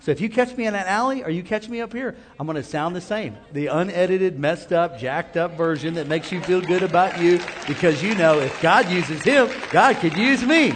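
Preacher guy, kinda high voice, lots of echo, chatty and calling out for amens. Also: lively intonation, moderate pace, few pauses, a bit bright, a faint crowd. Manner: call-and-response preaching, conversational asides. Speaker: pastor. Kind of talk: sermon. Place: church sanctuary. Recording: long hall reverb.

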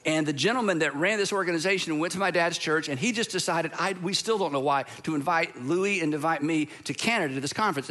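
A man's voice: a little high, bright, forceful tone. An American man, middle-aged, preaching a sermon in a conversational storytelling way with humorous asides. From United States. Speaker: pastor.

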